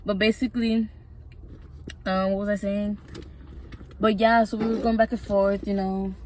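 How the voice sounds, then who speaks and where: A woman's voice: medium pitch, level tone, moderate pace, a little mellow, slight background noise. A woman telling a personal story in a casual vlog, rambling and swearing freely. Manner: rambling, profane, emotional storytelling. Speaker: vlogger.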